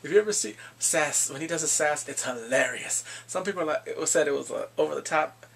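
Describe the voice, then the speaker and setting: A man giving a casual recap of drama episodes. He talks in an animated way, acts out the characters and laughs often. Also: fairly high pitch, quick pace, vocal fry, breathy edge. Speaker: drama reviewer.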